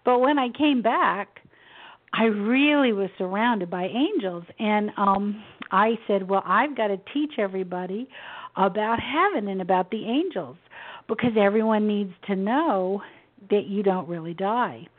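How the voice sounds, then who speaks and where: A woman in her sixties tells a personal story as a radio guest, soft-spoken and halting, with small laughs between thoughts. Her voice sits at an ordinary pitch for a woman. It comes through a thin, tinny phone line. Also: expressive. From Memphis, Tennessee, USA. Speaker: guest author.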